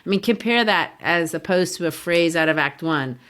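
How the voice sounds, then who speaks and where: Lower-voiced woman explaining poetry. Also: expressive, moderate pace, hardly any pauses, fairly bright tone. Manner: explanatory, teacherly, taps out rhythms aloud. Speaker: podcast co-host. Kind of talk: casual literature discussion.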